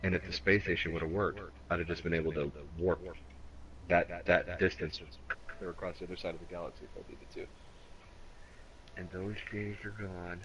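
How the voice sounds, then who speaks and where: A man's voice: low-pitched, steady tone, normal speed, a bit bright, distant mic, slight background noise. A man co-hosting a casual gaming stream, rambling and swearing, often restarting his sentences. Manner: rambling, profane, frequent restarts. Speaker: stream co-host.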